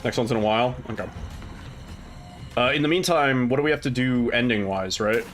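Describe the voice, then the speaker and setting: A man commentates his gameplay in a loose, chatty way. His pitch is middling, and he jokes and thinks out loud. A faint background hiss runs under his voice. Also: a little fast. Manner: chatty, joking, thinks aloud. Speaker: streamer playing a horror game.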